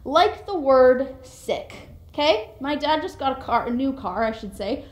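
A woman's voice: high-pitched, unhurried. Chatty young woman preaching, echoey room. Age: young adult. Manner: chatty, conversational, animated asides. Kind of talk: sermon.

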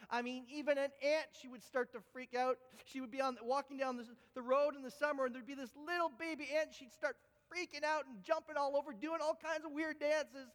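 A man preaching a sermon, telling a story with animated, expressive delivery. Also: a little fast, hardly any pauses. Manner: animated storytelling with big pitch swings. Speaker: pastor. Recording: echoey hall with long reverb.

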